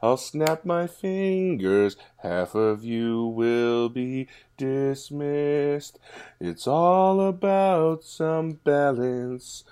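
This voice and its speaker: A man doing a comic impression of a grandiose warlord villain, reciting a slow, sing-song rhyming warning about washing hands. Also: mid-range voice, dark tone, clear, resonant tone, pitched above the performer's own voice. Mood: mock-menacing. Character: grandiose purple male warlord lecturing on handwashing.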